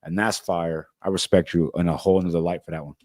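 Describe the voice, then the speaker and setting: A man's voice: deep voice, steady tone, quick pace, darkish tone, no echo. A man hosting a livestream interview, earnest and talking to both his guest and his chat. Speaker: host.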